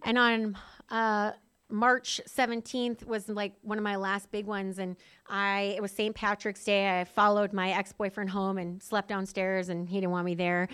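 A woman's voice: medium pitch, little pitch movement, measured pace, fairly bright tone, clear, resonant tone. A woman sharing her recovery story in a candid, self-mocking way, laughing often and saying "like" a lot.

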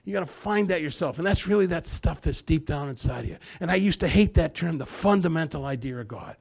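Gravelly older man telling a story. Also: fairly high pitch, animated, brisk, darkish tone. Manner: storytelling, acts out dialogue, repeats phrases. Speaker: AA speaker. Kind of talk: speaker share at a recovery meeting.

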